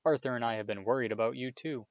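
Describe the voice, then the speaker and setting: A man's voice: mid-range voice, fast talker, dry recording, dull audio, lightly acted. A man doing a furious scolding mother. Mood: fussing, kind. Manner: scolding, loud bursts, motherly to the guest. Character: stern, worried mother of seven, fierce temper.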